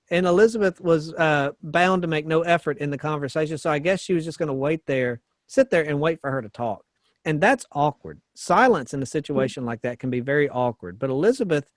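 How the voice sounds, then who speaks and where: A man's voice: on the high side, dry recording. A man co-hosting a podcast, casually discussing a novel and reading passages aloud with small chuckles and asides. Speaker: pastor and podcast co-host.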